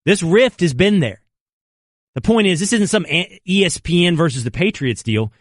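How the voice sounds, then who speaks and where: A man hosting a sports talk radio show in a studio, ranting in mock outrage with loud exclamations. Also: high-pitched, lively intonation, moderate pace, no room sound. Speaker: radio host. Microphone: close studio mic.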